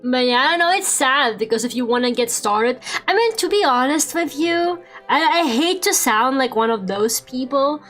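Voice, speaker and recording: A woman's voice: on the high side, fairly bright tone. A young woman streaming and chatting casually while she draws, rambling, swearing freely and laughing often.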